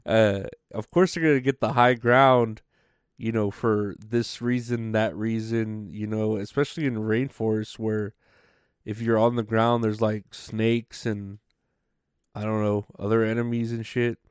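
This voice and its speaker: Male podcast host, casual comedy monologue, rambling, swears a lot, smooth clear voice, dry sound. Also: lowish voice, steady tone, unhurried, dry recording. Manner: rambling, profane, full of fillers.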